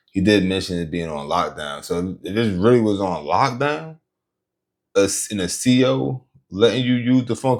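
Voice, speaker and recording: Very low-voiced man rambling to viewers. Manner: loose, rambling, talks straight to viewers. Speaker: host. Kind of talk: casual reaction commentary.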